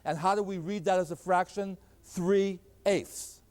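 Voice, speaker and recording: Older male math lecturer, high voice, answers his own questions, long hall reverb. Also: steady tone, a little fast. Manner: asks questions and answers them himself.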